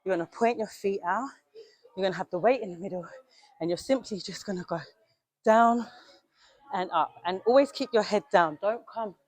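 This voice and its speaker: A woman's voice: mid-range voice, darkish tone. A young woman coaching a gym workout in a casual, direct way, a bit out of breath as she demonstrates. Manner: direct, coaching, talks to viewers as "you lot". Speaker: fitness coach.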